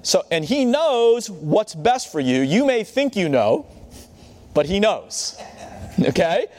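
A man's voice: high-pitched, sing-song, slow, darkish tone. A man preaching a sermon in a conversational way, often checking in with his listeners. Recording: long hall reverb.

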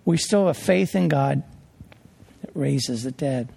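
Male pastor, high gravelly voice, emphatic sermon delivery, long reverb. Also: very animated, normal speed, darkish tone. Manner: emphatic, restarts phrases, drops low for grim details.

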